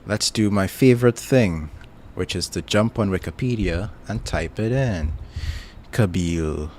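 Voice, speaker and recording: A young Trinidadian man with a low voice chats casually on a livestream. He rambles, pokes fun at himself and chuckles often. A faint hum of room noise sits under his voice. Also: a little slow, a little mellow. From Trinidad and Tobago. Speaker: streamer. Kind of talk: casual chat stream.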